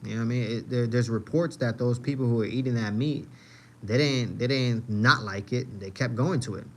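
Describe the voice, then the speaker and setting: A young man chatting on a livestream in a middle-pitched voice, rambling through stories with slang and swearing. His talk is loose and unscripted, and a faint hiss sits under the recording. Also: moderate pace, a bit bright. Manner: loose storytelling, answering chat, slangy and profane. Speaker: livestream host. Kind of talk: casual livestream chat.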